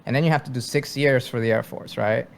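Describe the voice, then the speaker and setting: A man from Venezuela, a military veteran, speaking as a podcast guest in a halting, thoughtful way with frequent fillers. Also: mid-range voice, vocal fry. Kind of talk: casual interview.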